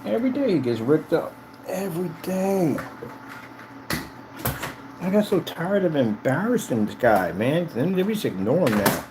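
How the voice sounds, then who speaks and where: A man selling projector screens in a boastful, taunting vlog rant, telling animated stories with big swings in pitch. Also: noisy background. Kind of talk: ranting promotional vlog.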